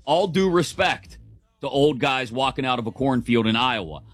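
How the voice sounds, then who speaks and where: Chatty middle-aged sports talk host. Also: male voice, mid-range voice, expressive, moderate pace, no echo, faint music behind. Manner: chatty, opinionated, laughs often. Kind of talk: casual sports radio commentary. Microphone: studio mic.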